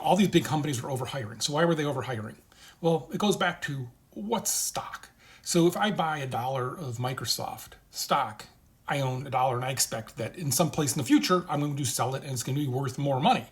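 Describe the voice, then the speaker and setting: A man's voice: mid-range voice, lively intonation, a little fast. A middle-aged man talking casually and earnestly, reassuring listeners and repeating phrases for emphasis. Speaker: game industry veteran sharing advice. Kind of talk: casual livestream chat.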